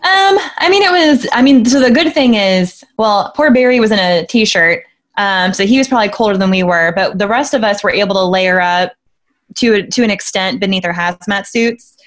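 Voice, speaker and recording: Woman, medium pitch, casual interview, hesitant, filler-heavy. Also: moderate pace. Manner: hesitant, many ums and likes. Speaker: actress guest.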